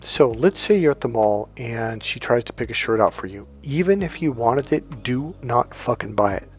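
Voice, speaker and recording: A man's voice: medium pitch, lively intonation, moderate pace, husky, faint music behind. Blunt, profane middle-aged male coach. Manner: profane, emphatic, storytelling. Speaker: dating coach. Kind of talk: blunt advice monologue with anecdotes.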